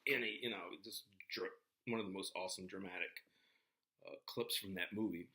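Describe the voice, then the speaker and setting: A man's voice: low-pitched, brisk, pushed and bright. A man giving a casual talk to a class, rambling with many fillers and restarts. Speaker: lecturer. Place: classroom with a board.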